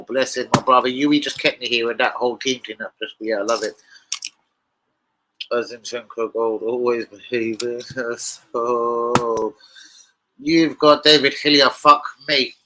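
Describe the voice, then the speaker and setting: A man's voice: mid-range voice, background noise. A young man hosting a live football stream, rambling and swearing as he bants with his chat. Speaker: football channel livestream host.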